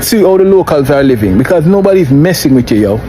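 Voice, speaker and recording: A man with a Jamaican accent telling a story casually to camera, in a relaxed but emphatic way. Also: on the high side, quick pace, slight background noise.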